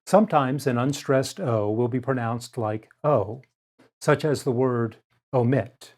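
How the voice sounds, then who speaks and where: A man gives a scripted pronunciation lesson in a mid-pitched voice. He speaks very slowly, pausing over each example word and shaping it precisely. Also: darkish tone. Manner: slow, careful, clearly articulated delivery. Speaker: pronunciation teacher. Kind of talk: scripted instructional narration.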